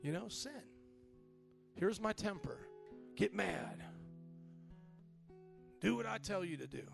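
A man delivers a sermon as pastor, his voice pitched high with a gravelly fry running through it. He drives points home by repeating them and prompting the congregation to answer back, with a soft guitar playing behind him. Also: animated, normal speed. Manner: repetitive preaching with call-and-response.

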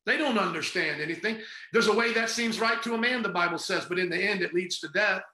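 High-voiced fervent preaching man. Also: quick pace, bright, forceful tone, roomy sound, rough recording. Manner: fervent, sarcastic, rambling. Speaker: pastor and podcast host. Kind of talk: casual preaching podcast.

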